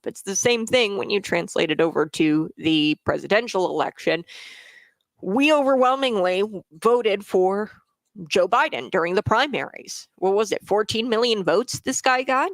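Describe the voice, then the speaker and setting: A woman's voice: mid-range voice, expressive, moderate pace, dry recording. A woman hosting a political commentary show, talking in a casual monologue with many fillers and restarts, and answering viewer comments.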